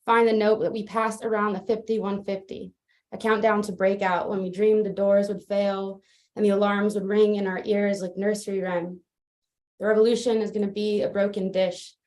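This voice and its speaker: A woman reciting a spoken word poem in a flat, level voice that barely rises or falls. She joins the open mic remotely over a video call and keeps her delivery steady from line to line. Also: medium pitch, moderate pace. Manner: steady, even recitation with little rise and fall. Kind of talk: spoken word poetry performance. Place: remote, joining from afar.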